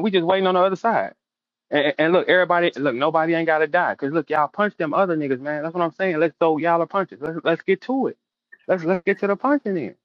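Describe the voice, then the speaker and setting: A middle-aged man hosting a casual interview, loudly calling out a rival with brash, repetitive trash talk. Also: fairly high pitch, no room sound. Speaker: host. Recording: dull, dry lo-fi sound.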